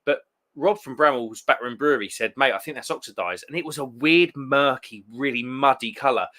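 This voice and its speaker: Bright-voiced chatty man. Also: mid-range voice, brisk. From England. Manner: chatty, rambling, with many restarts and fillers. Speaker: live stream beer show host. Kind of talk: casual live chat reading viewer comments.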